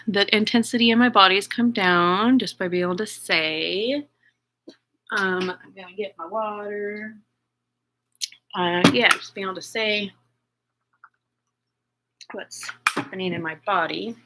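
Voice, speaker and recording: A middle-aged woman speaking in a personal video journal, shaken and anxious, talking haltingly with many fillers and restarts. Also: medium pitch, background noise. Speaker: vlogger.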